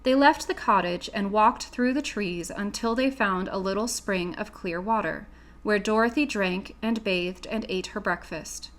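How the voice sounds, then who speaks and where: A woman narrating a classic children's book in a steady, clear reading voice. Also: medium pitch, unhurried. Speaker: audiobook reader. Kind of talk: storybook narration.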